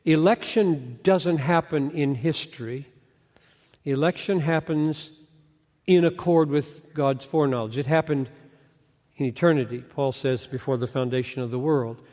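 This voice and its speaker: A man's voice: on the high side, unhurried, darkish tone. A man giving an earnest Bible teaching lecture, asking rhetorical questions and restarting phrases as he thinks aloud. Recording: long hall reverb.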